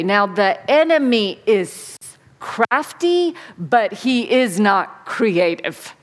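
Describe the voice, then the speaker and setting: A woman pastor preaching a sermon, dramatic and swinging between soft and emphatic. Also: medium pitch, lively intonation, slow.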